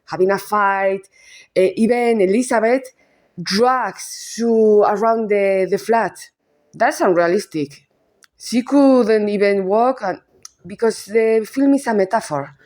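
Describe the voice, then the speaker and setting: A woman's voice: mid-range voice, takes it slowly, darkish tone. A woman with a Spanish accent, a film reviewer giving a casual analysis monologue who halts, rephrases and repeats words as she goes.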